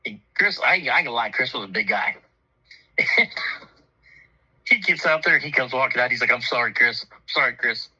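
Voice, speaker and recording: A man's voice: medium pitch, very animated, brisk, long pauses, pushed and bright, slightly rough, rough recording. A man telling a profane, funny story in casual chat, laughing often and acting out the voices of people in it. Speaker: storyteller on a talk show.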